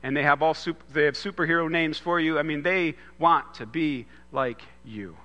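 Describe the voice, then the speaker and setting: A man's voice: on the high side, normal speed, sharp tone. A man preaching a sermon on a Father's Day morning, in a loose, conversational way with frequent restarts. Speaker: pastor. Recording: long hall reverb.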